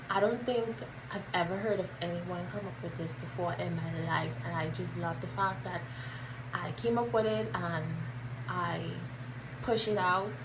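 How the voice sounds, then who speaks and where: A woman's voice: on the low side, background noise. A woman with a Bahamian accent talking casually to camera as a content creator, earnest and chatty, carefully working at standard English. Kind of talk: casual vlog talk.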